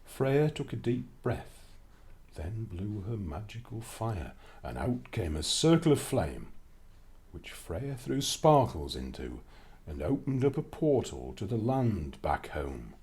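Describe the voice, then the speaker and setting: Man, children's storybook narration, lowish voice, very lively pitch, expressive reading. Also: slow pace.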